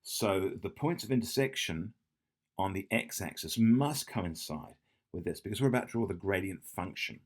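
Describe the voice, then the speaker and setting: A man tutors math at a whiteboard, drawing as he walks through an exam question. His low voice is lively in intonation and moderately paced. He thinks aloud, corrects himself, and checks in with "yeah?".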